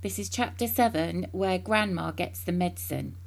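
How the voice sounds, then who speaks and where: A woman reading a children's book aloud, with expressive, lively storytelling. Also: fairly low pitch, moderate pace, creaky.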